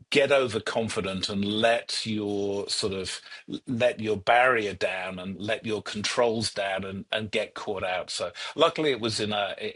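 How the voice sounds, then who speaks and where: A middle-aged British man from the UK, an HR executive appearing as a podcast guest, tells stories in a casual interview. His voice sits on the low side, a bit bright and slightly rough, and he's chatty and self-deprecating with lots of ums.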